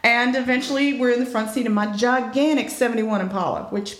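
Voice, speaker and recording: A woman telling a personal story in candid chat, blunt and frank, acting out quoted lines with jumps in pitch. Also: a little fast, echoey room.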